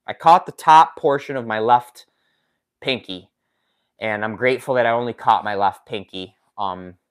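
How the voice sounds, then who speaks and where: A man's voice: medium pitch, a bit bright. A man hosting a casual live stream who chats with viewers, reads their comments aloud and laughs often, his injured hand in a splint. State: recovering from a finger injury, in a splint. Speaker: woodworking channel host. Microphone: desk microphone.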